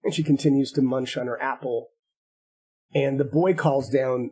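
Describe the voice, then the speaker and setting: A man running a tabletop game as game master, narrating in a halting way with many repeated words. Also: mid-range voice, steady tone, a little mellow, husky, low-quality recording.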